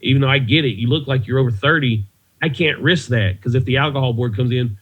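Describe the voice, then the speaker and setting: A fast-talking comedian with a mid-range voice tells loose, meandering stories as a podcast guest, chuckling at his own tales. The casual storytelling interview comes through a video call with muffled audio.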